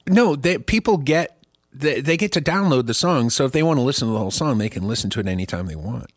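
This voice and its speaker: A man's voice: mid-range voice, expressive, fast talker, no echo, studio quality. A man co-hosting a podcast in casual comedic chat, rambling and swearing. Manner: rambling, laughing, swears a lot. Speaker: podcast co-host.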